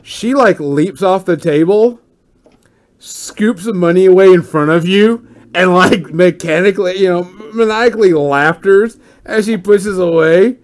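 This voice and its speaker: A man running a tabletop game as game master, narrating in a lively, excitable way and often laughing. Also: high-pitched, unhurried.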